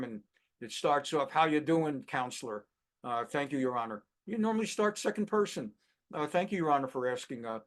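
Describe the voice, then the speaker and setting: A man's voice: a little high, fairly bright tone. A middle-aged man teaching a Bible class as a rabbi, talking conversationally and acting out little quoted exchanges between people. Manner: conversational, acts out quoted exchanges, many fillers. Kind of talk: lively classroom lecture.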